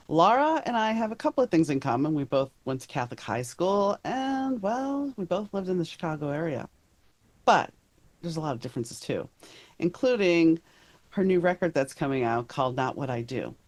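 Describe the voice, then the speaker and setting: A woman's voice: fairly low pitch, darkish tone. A woman from New Orleans hosting a podcast, chatting casually and rambling, often trailing off mid-sentence. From New Orleans, USA. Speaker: podcast host. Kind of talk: casual interview chat.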